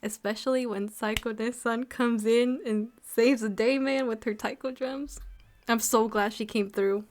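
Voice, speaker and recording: A young woman co-hosting an anime review, chatting casually and excitedly with many fillers. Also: fairly high pitch, a little slow. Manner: excited, swearing, filler-heavy fan talk. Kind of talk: casual chat.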